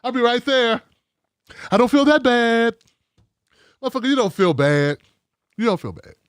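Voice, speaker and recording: A man mocking a whiny, high-pitched grumbling viewer. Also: very animated, normal speed, clear, resonant tone, no echo, clean studio sound. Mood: whining. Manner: exasperated, sarcastic, mocking complaints. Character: whiny petulant bigoted male TV viewer.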